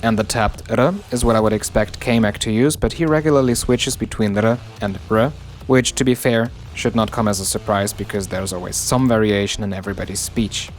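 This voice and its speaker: A man narrating an educational video on a dialect, slowing down to spell out the example words. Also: fairly low pitch, steady tone, slight background noise.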